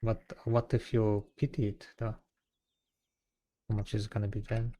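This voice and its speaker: A man streaming a game, chatting casually with viewers and thinking aloud in an unhurried way. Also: on the low side, little pitch movement, mellow. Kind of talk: casual live-stream chat.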